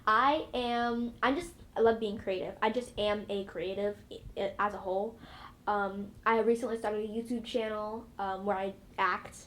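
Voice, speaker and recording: A woman's voice: mid-range voice, steady tone, normal speed, a bit bright. A young woman, an actress, chatting in an interview with a bubbly, rambling manner full of fillers. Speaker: actress guest. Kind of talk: casual interview.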